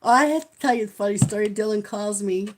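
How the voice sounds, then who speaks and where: A woman's voice: medium pitch, fast talker. A middle-aged woman hosting a live coloring stream, chatting casually and telling stories with frequent laughter. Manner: chatty storyteller who laughs often. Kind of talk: casual chat while coloring.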